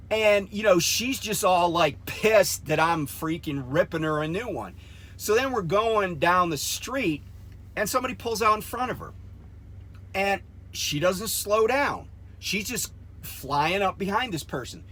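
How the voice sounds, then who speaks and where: A man who trains truck drivers tells a story for his vlog in a hot, profane rush, bursting into shouts whenever he quotes himself. His voice sits a little high and sounds bright and pushed. The whole story comes across as an angry retelling. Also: expressive, a little slow.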